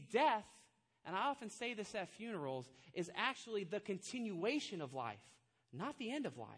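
A man in the role of pastor, delivering a sermon by retelling a story and voicing each character in turn. His delivery moves from hushed narration to forceful, ringing emphasis as he drives his points home. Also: extremely high pitch. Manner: storytelling, acts out quoted voices, builds to loud emphatic climax.

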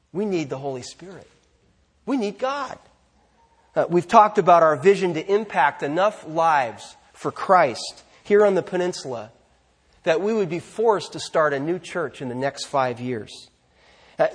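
A middle-aged male pastor delivers a sermon in a high, breathy voice that swings widely up and down. He speaks slowly and earnestly, drawing out the phrases he wants to land. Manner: earnest, slows down to stress key phrases.

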